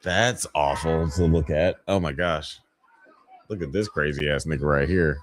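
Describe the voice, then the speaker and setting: A man's voice: a bass voice, a little slow. A man hosting a podcast live watch party, chatting casually and profanely, groaning and laughing at gory scenes. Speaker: podcast host.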